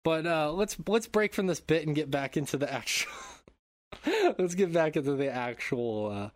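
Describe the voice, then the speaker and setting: A man co-hosting a podcast talks in loose, rambling casual chat, swearing freely and jumping into jokes. His voice sits fairly high, and the sound is dry and close. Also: dry recording. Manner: rambling, animated, swearing, quick to joke. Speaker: podcast co-host.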